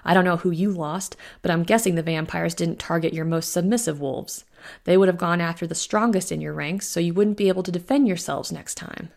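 A woman voicing a man who is a former hunter, speaking with forceful frustration. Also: lowish voice, brisk, vocal fry. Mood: urgent. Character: defiant man, former hunter, protective mate.

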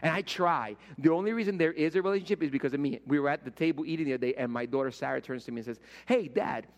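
A middle-aged man from Rico, preaching a sermon as pastor and telling stories, swinging from loud to hushed and repeating words. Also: a little high, racing. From Puerto Rico. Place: church sanctuary. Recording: long reverb of a church hall.

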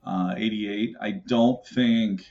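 Low-voiced man, muffled lo-fi storyteller. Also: steady tone, slow, a little mellow. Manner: rambling, many fillers and restarts, acts out quotes. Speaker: podcast guest, elk call maker. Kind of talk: casual storytelling. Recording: muffled lo-fi audio.

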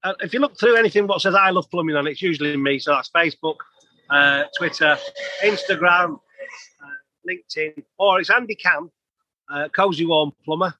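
Man in his fifties, husky, a little high, dry close sound, chatty storyteller. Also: normal speed, pushed and bright, no room sound, poor audio. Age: 50s. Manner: chatty, rambling anecdotes with laughs. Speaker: plumber, interview guest. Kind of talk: casual storytelling.

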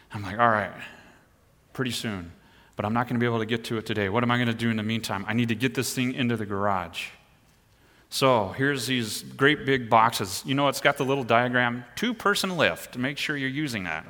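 Middle-aged pastor, bright, in a reverberant hall. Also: male voice, mid-range voice. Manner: animated storytelling, rising and pushing hard at the exciting parts. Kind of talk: sermon with personal story.

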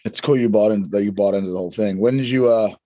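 A man interviewing a guest casually, talking in halting phrases full of restarts. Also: fairly low pitch, warm tone. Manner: halting, lots of fillers and restarts.

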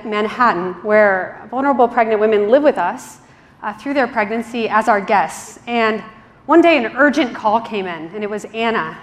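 A religious sister giving a conference keynote, telling stories with acted-out quotes and laughter, then praying in a hushed, soft voice. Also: female voice, fairly high pitch. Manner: animated storyteller who acts out quotes, laughing often, then hushed and soft in prayer. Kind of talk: conference keynote with storytelling and prayer. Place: large conference hall. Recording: reverberant large hall.

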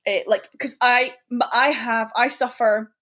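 A woman's voice: on the high side, steady tone, unhurried, fairly bright tone. A woman co-hosting a podcast, telling open, rambling personal stories in casual chat. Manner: open, confiding, rambling storytelling. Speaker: podcast co-host.

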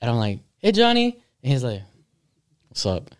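A man casually recounting his part of a story among friends, relaxed and profane. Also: fairly low pitch, normal speed.

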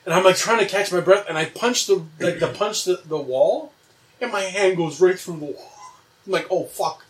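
A man's voice: sits high, moderate pace, recorded from a distance. A young man animatedly telling a wild dream story in casual chat, swearing and laughing as he goes.

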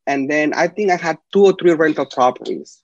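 A man's voice: on the high side, brisk, vocal fry, no room sound. A man from Peru with a Spanish accent, a talkative interview guest telling long rambling stories. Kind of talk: casual interview storytelling. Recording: dry, slightly dull lo-fi sound.

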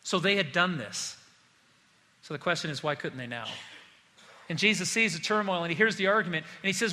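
Pastor, male, fairly high, bright voice, sermon delivery with dynamic emphasis, church hall reverb. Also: a little fast, pauses often. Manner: expository preaching, shifting pace and volume for emphasis.

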